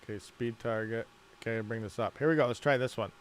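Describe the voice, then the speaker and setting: A man's voice: mid-range voice, fairly quick, heavy background noise. A man hosting a livestream, rambling casually, laughing a lot and muttering while he fiddles with settings. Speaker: mining livestream host.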